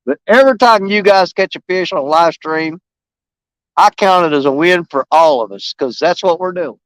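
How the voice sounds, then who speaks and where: Man, high voice, dry close sound, folksy and enthusiastic live-stream chat by a river. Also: normal speed, fairly bright tone, no echo, poor audio. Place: outdoors by a river.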